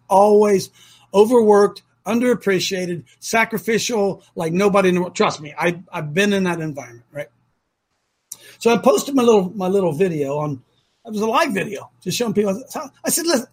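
A middle-aged man hosts a ministry talk show, telling stories conversationally but with passion in a husky, fairly high voice. He drives his points home through repetition and rises to near-shouts when worked up.

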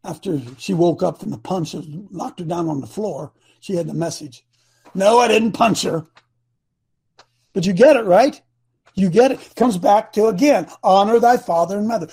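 A man's voice: high-pitched, normal speed, creaky, a little mellow, slightly rough. An older man hosting a talk show, speaking with fiery, preachy passion and repeating phrases for emphasis. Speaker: host. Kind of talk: impassioned political talk.

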